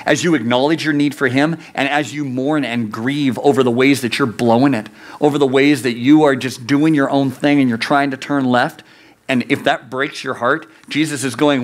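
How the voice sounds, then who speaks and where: A man's voice: medium pitch, fairly even intonation, moderate pace. A man preaching a youth sermon, earnest and conversational, asking the listeners rhetorical questions. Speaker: youth pastor.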